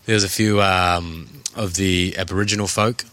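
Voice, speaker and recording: Young aussie guy co-hosting a podcast, low voice but bright edge, chill and slangy. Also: steady tone, normal speed, no room sound. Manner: laid-back, slangy, swears freely. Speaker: podcast co-host. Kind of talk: casual chat.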